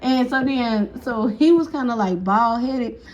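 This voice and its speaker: A woman's voice: fairly high pitch, a little slow, highs cut off. A woman telling a casual storytime, acting out each person's lines and laughing often. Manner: animated, acts out quotes, laughs often.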